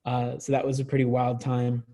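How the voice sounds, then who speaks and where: A man's voice: mid-range voice, monotone, normal speed, warm tone. Rambling young man telling stories. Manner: rambling, many fillers and restarts. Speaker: podcast guest. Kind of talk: casual storytelling.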